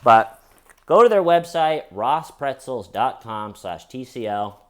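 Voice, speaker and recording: A man's voice: mid-range voice, lively intonation, slow, fairly bright tone. A young man casually retelling a crime story as a joke, acting out the quotes in silly voices, at his desk. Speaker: true crime comedy host. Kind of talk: casual storytelling with sponsor read.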